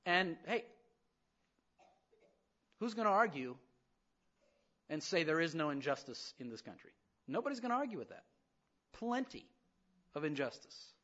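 Animated high-voiced preacher. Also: male voice, moderate pace, pauses often, dull audio. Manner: animated preaching, acts out voices, rising to loud emphasis. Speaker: pastor. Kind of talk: sermon.

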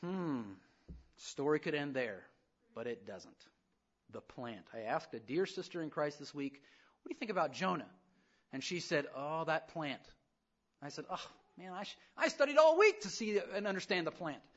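A man preaching a sermon in an animated way, acting out the voices of the people he talks about. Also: a little high, normal speed, lo-fi sound. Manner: animated preaching, acts out voices, rising to loud emphasis. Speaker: pastor.

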